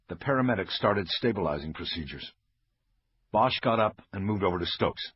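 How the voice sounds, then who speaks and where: A man's voice: sits low, lively intonation, moderate pace, slightly rough, no echo. A man giving a scripted audiobook narration of a crime novel in a dramatic reading manner. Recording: dull lo-fi audio with faint music.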